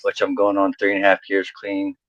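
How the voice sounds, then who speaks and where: A man with a drawl spins loose, rambling stand-up stories and chuckles at his own jokes. His voice sits a bit low. The sound is muffled and dry, like a home video call mic. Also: monotone, a little fast, fairly bright tone, no room sound. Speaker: stand-up comedian. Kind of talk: storytelling stand-up set. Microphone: home computer mic on video call.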